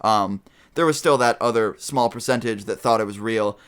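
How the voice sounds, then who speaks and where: A man's voice: fairly low pitch, normal speed, clear, resonant tone. Young man telling a swearing-laden storytime. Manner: rambling, heavy swearing, animated retelling. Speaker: vlogger. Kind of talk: casual storytime vlog.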